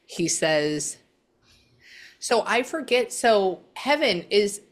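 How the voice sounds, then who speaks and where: A female psychic medium gives a casual reading in a mid-range voice, speaking slowly. She's animated and blunt, swearing freely as she passes along messages.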